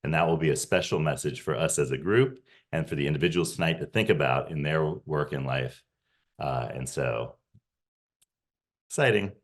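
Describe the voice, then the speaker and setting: A man's voice: rumbling low, animated, moderate pace. A man in his forties, a podcast host, talking to a reunion audience over a video call with lots of "uh" and restarts. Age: 40s. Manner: hesitant, many fillers and restarts. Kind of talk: casual talk to a reunion audience.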